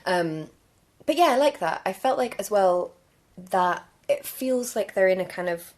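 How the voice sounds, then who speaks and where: A woman's voice: mid-range voice, expressive, a little slow, darkish tone. A woman co-hosting a podcast, chatting casually about a book and reading passages aloud. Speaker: podcast co-host.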